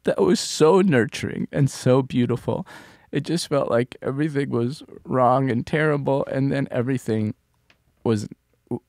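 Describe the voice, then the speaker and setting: A man co-hosting a podcast, telling a painful personal story in a halting way, often restarting and dropping his voice low. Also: no echo, clean studio sound. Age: adult parent of a small child. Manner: halting, restarts sentences, drops to soft tones. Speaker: podcast co-host.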